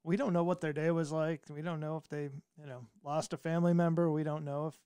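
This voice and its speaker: A man's voice: fairly high pitch, little pitch movement, quick pace, warm tone, clean tone, no echo. A man co-hosting a casual podcast, talking in an easygoing, reflective way with jokes. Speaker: podcast co-host. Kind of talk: casual chat.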